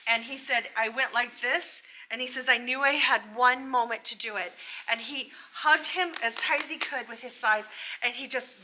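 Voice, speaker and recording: An American woman working as a psychic medium, emotionally retelling a spirit's story in a breathless, halting way. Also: fairly high pitch, steady tone, sharp tone, a little hiss or hum.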